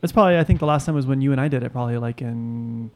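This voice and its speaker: A man's voice: medium pitch, racing, a little mellow. A man from California, co-hosting a casual podcast chat, joking and rambling with restarts. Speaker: podcast co-host.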